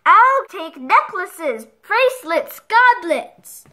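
A woman's voice: extremely high pitch, sing-song, extremely slow, sharp tone, pitched above the performer's own voice, exaggerated voice. A woman voicing an eager old male gold trader calling out his prices. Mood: hawking. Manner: hawking, calling out.

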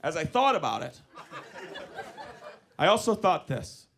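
A man's voice: fairly high pitch, very animated, unhurried, noisy background. A male stand-up comedian telling a story animatedly, addressing the crowd, live on a comedy club stage.

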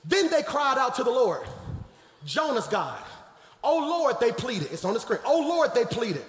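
High, bright-voiced preacher in an echoing hall. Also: male voice, sing-song, moderate pace. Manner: emphatic, swings from low asides to shouted preaching; playful, jokes with the congregation. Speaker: pastor. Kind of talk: live sermon to a congregation. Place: large church sanctuary. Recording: echoey hall with long reverb.

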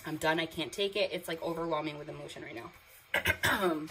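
Young female tarot reader, slightly low voice, awed and emotional, reads the cards aloud over a faint water sound machine. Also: normal speed, a bit bright, a little hiss or hum, low-quality recording. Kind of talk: tarot card reading.

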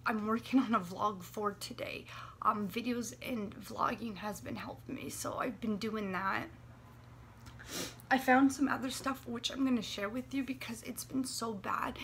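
Late-20s woman vlogging, dry throat, shaky and halting, keeps dropping to whispers, bright voice. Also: on the high side, slight background noise. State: dry throat, anxious and close to tears. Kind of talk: personal vlog confession. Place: warm apartment room.

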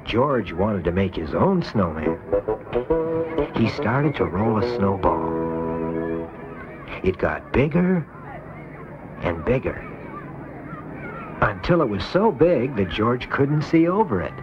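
A man narrating a children's storybook cartoon with an expressive reading, on a dull lo-fi VHS tape. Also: on the low side, slow, pauses often, over music.

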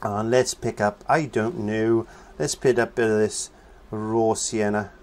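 A man's voice: lowish voice, level tone, measured pace, a little mellow. A man giving a casual painting lesson, chatting as he works and humming nonsense syllables while he paints. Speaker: painting teacher.

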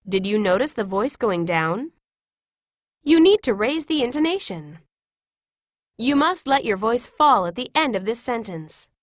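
A woman's voice: fairly high pitch, dry recording, clean studio sound. Woman reading classroom English phrases. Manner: clear, measured, each phrase read separately. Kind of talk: scripted read-aloud of classroom phrases.

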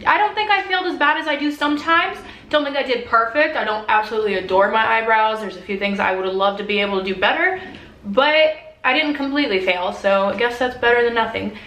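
A woman's voice: on the high side, quick pace, fairly bright tone, roomy sound. A young woman vlogging casually at home, chatty and self-deprecating about her makeup. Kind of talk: casual vlog chat. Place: home room.

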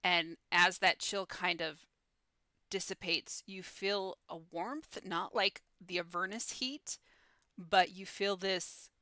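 A woman narrating a tabletop game as game master, with animated descriptive delivery over an online call. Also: fairly low pitch, takes it slowly, no room sound.

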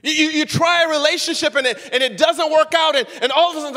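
A middle-aged man from Zimbabwe preaches a sermon, his voice set high. He is animated, acts out little quotes, and stumbles and repeats words as he builds. The sound carries a long hall reverb. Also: quick pace. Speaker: pastor. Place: church sanctuary.

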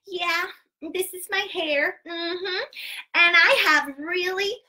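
A woman's voice: very high voice, takes it slowly, sharp tone, heavily acted. A woman voicing a chatty little girl with very long hair, dramatic and giggly, swinging between squeals and whispers. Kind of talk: children's storytelling live stream.

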